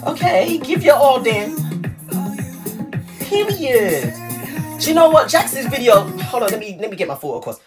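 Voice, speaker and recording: A man's voice: very high-pitched, sing-song, quick pace, few pauses. Sassy man with a wildly swooping voice. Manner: sassy, exclamatory, flamboyant. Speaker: reaction YouTuber. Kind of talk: music video reaction commentary. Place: apartment on a top floor. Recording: music video playing loudly behind. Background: music.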